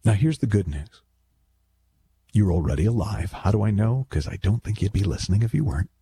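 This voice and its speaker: A man's voice: lowish voice, animated, fairly quick, dark tone, slightly rough, no room sound. A man talking as a self-help speaker in a casual, reflective monologue, rambling and wry with many self-corrections.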